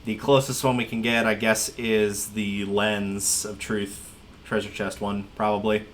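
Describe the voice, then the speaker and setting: A man's voice: fairly low pitch, little pitch movement, measured pace, slight background noise. A man giving casual gameplay commentary on a livestream, chatty and wry, joking as he plays.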